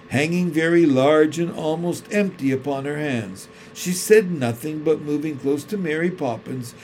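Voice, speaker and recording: A man reading a children's storybook aloud in a calm, measured way. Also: a little high, slight background noise. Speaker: narrator.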